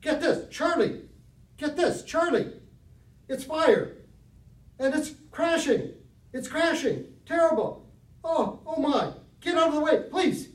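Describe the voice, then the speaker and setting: A man's voice: very high voice, animated, slow, long pauses, voice pushed up, full character voice. A man performing a horrified 1930s radio reporter who stammers and chokes up while describing a disaster. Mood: frantic. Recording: roomy hall from far off.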